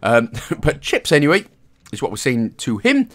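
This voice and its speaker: His pitch swoops wildly around a mid-range base, and his tone is somewhat bright at a normal pace. The speaker is a Welsh gaming guide host who takes listeners through a walkthrough step by step. He keeps things light with jokey asides and chuckles between instructions.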